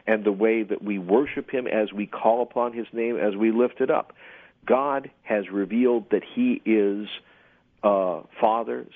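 A middle-aged man, a pastor and guest theologian, answering questions on a radio talk show in a measured, explanatory way with some hesitations. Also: on the low side, dry recording. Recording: phone-line audio.

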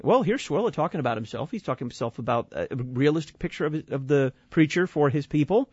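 A man's voice: a little high, animated, fairly quick, slightly rough, no room sound, highs cut off. A man from Texas hosting a talk show and critiquing sermons. He speaks bluntly and wryly, often repeating words as he starts a point. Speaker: radio show host.

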